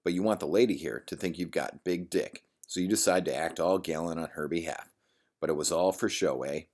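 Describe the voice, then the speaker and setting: A man's voice: low voice, brisk, darkish tone. A man reading the part of a crude, taunting bully in a bar. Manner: taunting, sneering.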